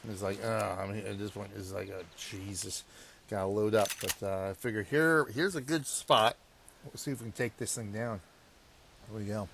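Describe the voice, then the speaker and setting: A man's voice: lowish voice, steady tone, normal speed, vocal fry, slight background noise. Man muttering through hunting gameplay. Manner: rambling, self-mocking, laughs at his own mishaps; swings from hushed muttering to loud exasperation. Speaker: gameplay commentator. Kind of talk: casual gameplay commentary.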